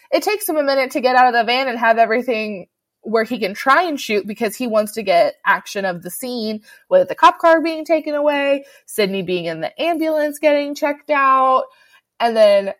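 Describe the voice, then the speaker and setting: A woman co-hosts a casual podcast, walking through a movie scene by scene. She gets animated and jumps into the characters' lines as she tells it. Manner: animated, acts out quotes in loud high voices. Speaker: podcast co-host. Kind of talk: casual movie recap chat.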